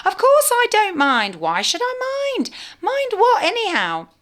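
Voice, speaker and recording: A woman reading a storybook aloud, voicing a half-deaf toy man hung with pots and pans who talks loudly and mishears everything. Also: huge pitch swings, measured pace, exaggerated voice. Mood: baffled. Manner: loud, shrill and muddled, mishearing everything.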